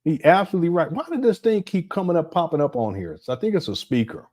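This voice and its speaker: A man's voice: on the high side, very animated, fast talker, a little mellow. A man hosting casual reaction commentary in a jokey, rambling way, laughing often and calling his viewers family. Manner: slangy, addresses viewers as family. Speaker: commentary host.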